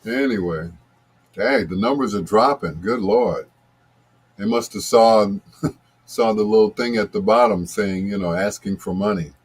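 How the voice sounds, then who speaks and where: Husky laid-back late-night DJ man. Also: lowish voice, animated, unhurried. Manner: laid-back, chatty, talks to listeners by name. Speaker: radio show host. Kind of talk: late-night radio DJ chat.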